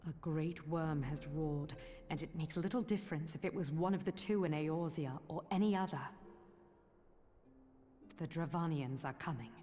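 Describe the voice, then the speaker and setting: A stern female knight commander, played by a woman in a fantasy game, speaking in composed, archaic phrasing with a slightly low voice. Faint music runs beneath. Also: normal speed, mellow, close to an everyday voice. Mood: resolute.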